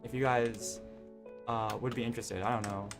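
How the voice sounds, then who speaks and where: Young guy rambling to his stream chat, lots of ums and restarts, quiet music under him. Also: medium pitch, fairly even intonation, normal speed, gravelly. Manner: rambling, hesitant, many fillers and restarts. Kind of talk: casual live-stream chat with viewers.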